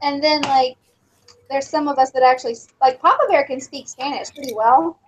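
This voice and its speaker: A chatty woman with a high-pitched voice, joking about herself in a relaxed group chat. She talks casually to friends in an online hangout. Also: moderate pace, slight background noise. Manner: chatty, self-deprecating, says "y'all". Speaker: hangout participant.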